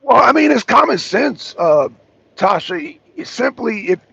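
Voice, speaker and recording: A man's voice: extremely high pitch, big pitch swings, measured pace, creaky, fairly bright tone, breathy edge. A man hosting a casual political talk show, speaking emphatically with a caller, repeating himself and restarting sentences often. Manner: emphatic and repetitive, with frequent restarts. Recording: dull lo-fi sound.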